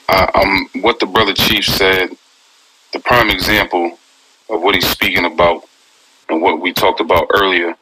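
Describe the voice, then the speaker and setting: A man's voice: sits low, bright, forceful tone, no echo, rough recording. A man calling into an audio room, hesitant with many "um"s, yet agreeing firmly with the speaker before him. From Connecticut. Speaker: caller. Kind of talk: call-in room comment.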